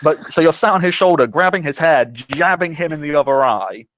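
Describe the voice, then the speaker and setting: A man's voice: fairly high pitch, lively intonation, fairly quick, fairly bright tone. A man running a tabletop game as game master, narrating in a descriptive way with chuckles.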